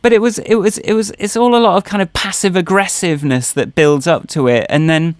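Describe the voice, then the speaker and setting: A man's voice: high-pitched, brisk, clear, resonant tone, no echo. Rambling man telling stories, dry sound. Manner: rambling, full of fillers and restarts. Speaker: podcast co-host. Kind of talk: casual storytelling chat.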